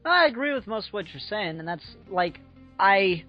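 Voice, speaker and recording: Man, podcast co-host, measured and pausing, muffled recording with faint music. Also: high voice, very animated. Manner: measured, hesitant with many ums. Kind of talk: casual chat.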